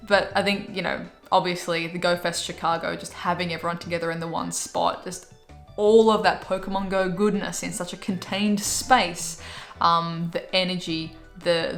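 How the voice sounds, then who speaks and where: A woman's voice: lowish voice, vocal fry, a bit bright. A young woman vlogging about her monthly favourites in an upbeat, chatty way, full of "like" fillers. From Australia. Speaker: YouTube vlogger. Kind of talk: casual monthly favourites vlog. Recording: echoey room with faint music.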